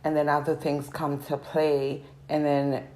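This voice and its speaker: A woman's voice: deep voice, monotone, a little slow, a little mellow, rough recording. A young woman vlogging a casual, meandering life update, her throat sore and strained from talking. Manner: meandering, reflective, trailing off.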